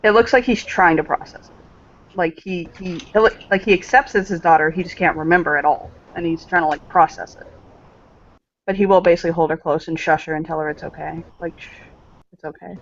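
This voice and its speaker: A young woman narrating her part in a tabletop game in a halting way, with lots of fillers and frequent laughs. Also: on the low side. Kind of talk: casual role-play narration. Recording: dull lo-fi recording.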